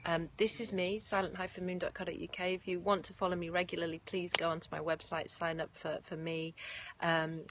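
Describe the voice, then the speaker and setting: A woman's voice: on the low side, flat delivery, a little fast, very noisy. A woman, a yoga nidra teacher, chatting effusively with viewers on a live stream from outdoors and thanking them by name. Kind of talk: live-stream chat after a guided meditation. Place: outdoors in nature. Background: faint birds and distant sirens.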